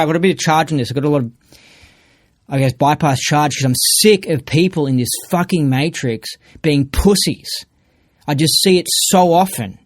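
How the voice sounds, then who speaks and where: A man's voice: a little high, a little fast, dry recording. A man in a casual podcast monologue, ranting emphatically and swearing freely. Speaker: podcast speaker.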